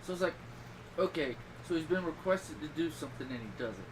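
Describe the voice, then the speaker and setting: A middle-aged man rambles through family stories in casual podcast chat, his voice rising into loud bursts now and then. He sits a little back from the mic, and steady background noise runs under his talk. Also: a little high, fast, distant mic. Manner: rambling, animated storytelling with loud outbursts. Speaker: podcast host.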